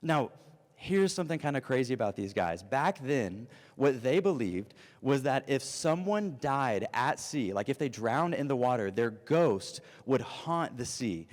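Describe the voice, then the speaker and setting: Animated pastor in a reverberant hall. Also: male voice, medium pitch, measured pace, hardly any pauses. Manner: animated storytelling, acts out voices. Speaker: youth pastor. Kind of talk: energetic youth sermon.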